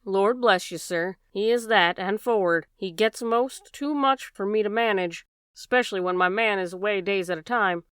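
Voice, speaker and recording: A woman's voice: medium pitch, moderate pace, fairly bright tone, clean tone, no echo, studio quality, close to an everyday voice. A woman voicing an anxious, chatty boatman's wife, in an audiobook. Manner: homely, dropped endings, worried run-on talk.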